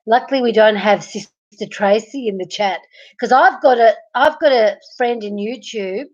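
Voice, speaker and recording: A woman's voice: fairly high pitch, normal speed. A woman hosting a casual live stream, teasing viewers by name and laughing a lot as she reads the chat. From Melbourne, Australia. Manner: giggly, teasing, talks to chatters by name. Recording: dull lo-fi stream audio.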